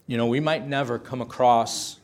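A male preacher delivering a sermon as a story, impassioned and steady in pitch. He repeats phrases to drive each point home. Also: moderate pace.

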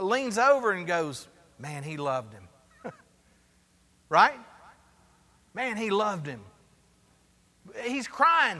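A man's voice: extremely high pitch, sharp tone, long reverb tail. A man, the pastor, preaching a sermon and asking the congregation for responses as he goes. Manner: preaching with call-and-response asides.

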